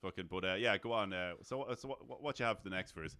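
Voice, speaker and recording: A man co-hosting a podcast in casual banter, reacting with profane, expressive jokes. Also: quick pace, dry recording, clean studio sound. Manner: expressive, profane reactions, drops low when steering the show. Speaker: podcast co-host.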